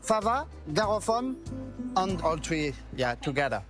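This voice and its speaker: French-accented man chef, halting English. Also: sits high, sing-song, music in the background. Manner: halting, searching for English words. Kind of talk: cooking demonstration chat.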